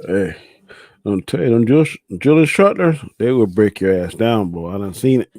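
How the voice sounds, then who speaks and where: Brief: man co-host, bouncy intonation, quick questions, dry sound. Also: fairly low pitch, animated, a little mellow, no echo. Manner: short reactions and quick questions. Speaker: podcast co-host. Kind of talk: casual chat.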